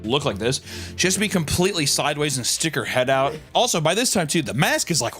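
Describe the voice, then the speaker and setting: A man's voice: fairly high pitch, sing-song, quick pace, fairly bright tone, soft background music. A man recapping an episode for laughs, cracking crude jokes, laughing and acting out the characters' lines. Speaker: show recap host.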